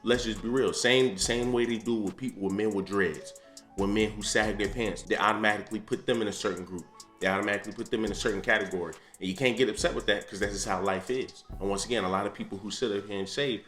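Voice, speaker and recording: A man's voice: on the low side, brisk, a bit bright. A man giving blunt, opinionated commentary with a slangy manner, repeating his points like a preacher. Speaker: commentary host reacting to a dating show clip. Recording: roomy echo, faint music behind.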